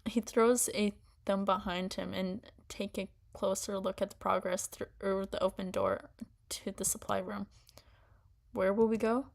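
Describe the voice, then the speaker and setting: A woman's voice: mid-range voice, animated, a little slow, gravelly. Young woman chatting and reading, stumbling. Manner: stumbling, restarting, giggly. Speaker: streamer reading a story aloud. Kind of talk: casual chat and reading aloud.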